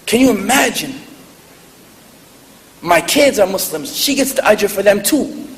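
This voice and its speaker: A man's voice: high-pitched, lively intonation, unhurried. A man giving an earnest sermon-style talk to a live audience, telling stories and laughing at himself. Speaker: convert speaker. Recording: echoey hall, faint noise.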